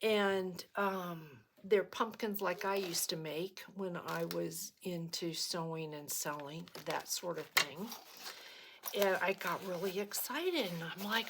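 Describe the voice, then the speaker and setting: A woman's voice: fairly low pitch, takes it slowly. A middle-aged woman chatting and telling stories while she crafts, acting out what people said. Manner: chatty storytelling, lively quoted voices. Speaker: crafting vlogger. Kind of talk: casual chat while crafting. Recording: noticeable background noise.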